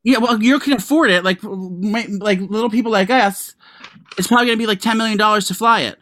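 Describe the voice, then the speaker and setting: A man co-hosting a podcast, chatting casually with a gossipy, animated manner and free swearing. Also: high-pitched, a little fast, no echo. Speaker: podcast co-host.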